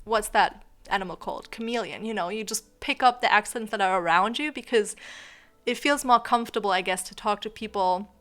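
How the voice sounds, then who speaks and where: A woman's voice: medium pitch, brisk, fairly bright tone. A young woman whose first language is not English, chatting casually and rambling as a YouTuber, often breaking into giggles. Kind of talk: casual chat over gameplay.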